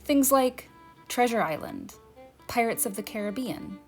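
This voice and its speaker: A woman's voice: on the high side, animated, unhurried, faint music behind. A woman museum educator, narrating a children's history lesson and asking her listeners friendly questions.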